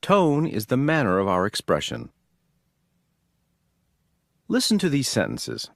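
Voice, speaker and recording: A man giving scripted textbook narration in a slow, demonstrative teaching manner. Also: mid-range voice, wildly swooping pitch, gravelly, no echo, studio quality.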